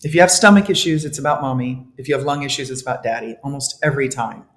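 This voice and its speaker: In an echoey room, a fast-talking, medium-pitched man is interviewed as a detox specialist. The conversation is casual, and he's animated, acting out his inner dialogue and laughing often.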